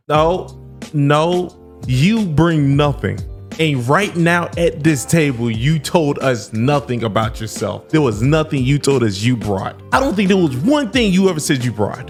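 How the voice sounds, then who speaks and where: Man giving lively mocking reaction commentary. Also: a little high, unhurried, soft background music. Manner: teasing, ridiculing, lively asides. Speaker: reaction channel host.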